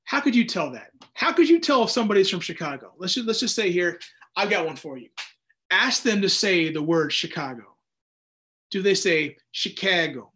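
A man's voice: high voice, very animated, fairly quick, pushed and bright. A man casually teaching a Bible study, talking loosely with restarts and acted-out asides. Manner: conversational, rambling, with frequent restarts and acted-out asides.

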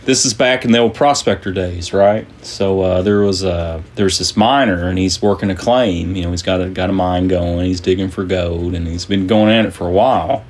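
A man's voice: sits low, moderate pace, few pauses, darkish tone. A man hosting a podcast, chatting casually and rambling with many fillers and restarts. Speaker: podcast host. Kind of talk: casual joke-telling chat.

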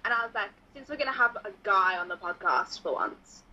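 A woman's voice: mid-range voice, expressive, fairly quick, sharp tone, highs cut off, slight background noise. A woman hosting a podcast over a video call, casual and giggly. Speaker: podcast host. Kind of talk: casual chat.

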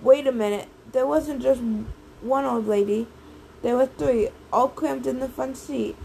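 A woman reading a first-person novel aloud in a brisk, lively storytelling manner. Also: fairly high pitch, vocal fry, slight background noise, rough recording. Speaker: audiobook reader.

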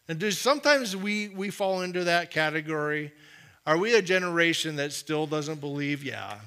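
A man preaching a sermon in a conversational way, dropping to a quiet, firm voice to make his points. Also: a little high, expressive, normal speed. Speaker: pastor.

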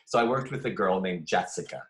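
A man from Nebraska co-hosting a casual podcast, telling stories in a relaxed, playful way. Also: low-pitched, fairly quick. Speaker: podcast co-host. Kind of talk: casual chat.

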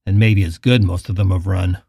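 A man voicing a shaken man on the run who talks quietly and subdued. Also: low voice, steady tone, a little fast, gravelly, breathy edge, no room sound, studio quality, voice pushed down, heavily acted.

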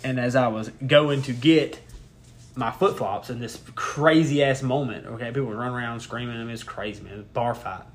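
Speaking briskly at medium pitch, this young man co-hosts a podcast. His story is rambling and full of profanity, told casually and punctuated with laughter.

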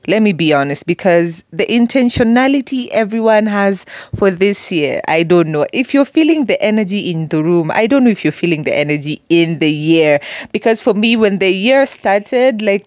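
A woman's voice: mid-range voice, a little mellow, dry recording, studio quality. A young woman vlogger chatting casually to her viewers, telling stories with lots of fillers and asides. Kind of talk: casual chat to camera.

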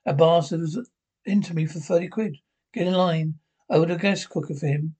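An actor with a Scottish accent playing a blunt, grumbling elderly pensioner in a sitcom, with a husky voice. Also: male voice, on the high side, a little fast, a little mellow. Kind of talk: sitcom acting.

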